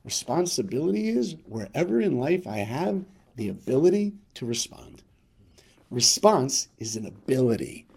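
A man's voice: medium pitch, very animated, moderate pace, creaky, slightly rough. Emphatic motivational man. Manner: emphatic, repetitive, swinging between loud and hushed. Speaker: podcast guest. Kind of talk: motivational storytelling.

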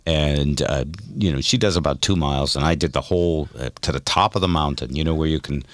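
A man co-hosting a podcast, telling stories in a casual, animated, self-mocking way. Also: extremely low pitch, a little fast, dry recording, clean studio sound. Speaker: podcast co-host. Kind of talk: casual storytelling chat.

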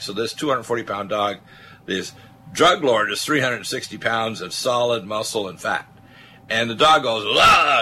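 A man's voice: on the low side, bright, forceful tone, slight background noise. A man hosting a talk radio show, speaking emphatically and rambling with many filler uhs.

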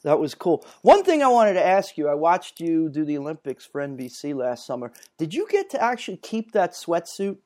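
Higher-voiced male host asking questions. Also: very animated, moderate pace, hardly any pauses, warm tone. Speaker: interviewer, host. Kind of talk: casual interview questions.

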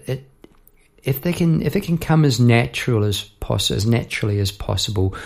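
A middle-aged man, a songwriter hosting his own podcast, chatting casually and rambling through stories with frequent restarts. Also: mid-range voice. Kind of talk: casual chat about songwriting.

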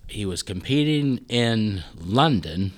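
A man with a notably deep voice talks through a long story in a relaxed, conversational way. He restarts phrases often and briefly takes on the voices of people he quotes. He is a guest being interviewed. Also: takes it slowly. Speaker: festival president, guest.

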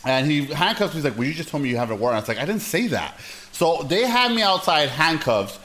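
Young male podcast co-host, a bit high-voiced, swings his pitch around, crude and chatty. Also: fast talker. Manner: animated, profane, laughs often. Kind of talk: casual chat, crude storytelling.

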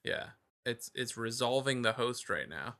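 Bright-voiced man chatting casually. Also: mid-range voice, lively intonation, unhurried. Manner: loose, easygoing, trailing off. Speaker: podcast co-host. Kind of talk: casual chat on a call. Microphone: computer call microphone.

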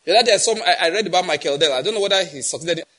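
A middle-aged Nigerian pastor preaches in a high, husky voice. He drives his points home emphatically and keeps firing the same question at the congregation until someone answers. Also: animated, racing, a bit bright. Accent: Nigerian English. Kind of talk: sermon.

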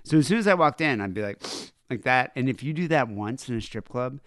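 A man hosting a podcast, chatting casually in a relaxed, rambling way. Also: medium pitch, a little fast, dry recording, clean studio sound. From United States. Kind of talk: casual chat.

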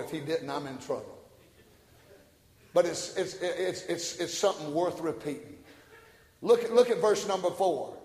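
A preacher with a high voice delivers his sermon in a big sanctuary. He drops to easy, joking asides and then climbs to full-throated shouts. The room is roomy, and each line trails off in a long reverb. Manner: preaching that swings from quiet asides to shouted climaxes; folksy and joking. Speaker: pastor. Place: church sanctuary. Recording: echoey hall, church room.

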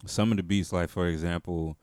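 Chill producer guy from miami, deep voice, kinda mumbly and modest, dry mic. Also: fairly even intonation, brisk, darkish tone, dry recording. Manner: low-key, modest, rambling. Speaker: music producer guest. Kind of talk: casual podcast chat.

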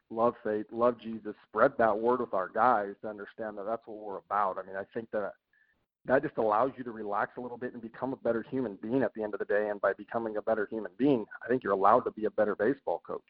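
A man, a college baseball head coach, talking in a casual podcast interview in a quick, earnest way with many fillers. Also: lowish voice, steady tone. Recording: tinny phone-line audio.

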